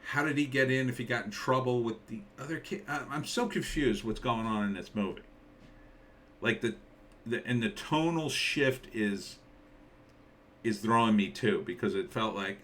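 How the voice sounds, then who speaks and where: A man's voice: medium pitch, normal speed, a bit bright, far from the mic. A man, a screenwriter, ranting casually about a movie trailer, rambling and incredulous with lots of filler words.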